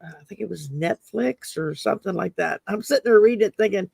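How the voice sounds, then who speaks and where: A man's voice: high voice, brisk, vocal fry, a little mellow, breathy edge, dry recording. A man co-hosting, chatty and amused as he tells stories. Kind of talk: casual chat.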